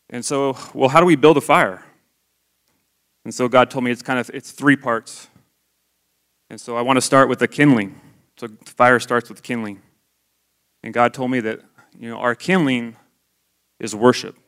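A man's voice: mid-range voice, a bit bright, clear, resonant tone. A man in his forties giving a candid, conversational testimony sermon to his church. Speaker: lay church speaker.

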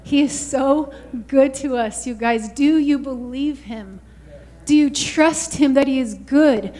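A woman's voice: sits high, slow, dark tone. A woman preaching a fervent sermon, often saying "you guys" and "hallelujah" to the congregation.

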